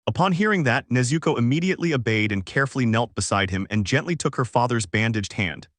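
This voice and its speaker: Man, fanfic narrator, scripted narration, flat even read, mid pitch, dry. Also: a little fast, few pauses, no echo.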